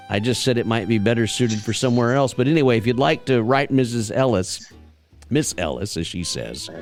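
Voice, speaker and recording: A Southern man hosting a casual radio show, easygoing and quick to chuckle. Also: mid-range voice. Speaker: radio host.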